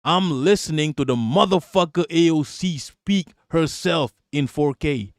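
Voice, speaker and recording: A man's voice: a little high, measured pace, dry recording, clean studio sound. A man live-streaming as host, reacting to political clips in heated, profane commentary and repeating lines for emphasis.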